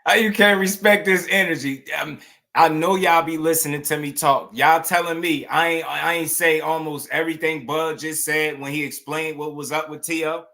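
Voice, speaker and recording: Bright, animated man doing commentary. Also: on the high side, moderate pace. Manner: animated and emphatic, agreeing. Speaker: host reacting to a clip. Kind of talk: casual commentary.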